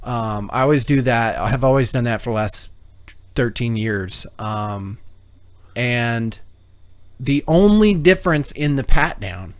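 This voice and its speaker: A man's voice: medium pitch, lively intonation, unhurried, clear, resonant tone. A man co-hosting a call-in talk show, telling a long story in casual chat, swearing and acting out both sides of conversations. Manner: rambling storyteller, swears, acts out dialogue.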